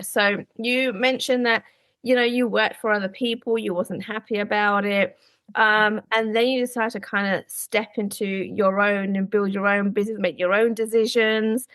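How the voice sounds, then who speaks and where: A woman's voice: medium pitch, moderate pace, a bit bright, dry recording. A woman hosting a podcast interview, reacting with eager exclamations and asking questions. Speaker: podcast host. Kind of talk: casual interview.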